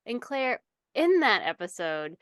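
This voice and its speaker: A woman's voice: a little high, very animated, a little slow, a bit bright, dry recording, studio quality. A woman co-hosting a podcast in casual chat, telling stories in a teasing way and laughing often. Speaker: podcast co-host.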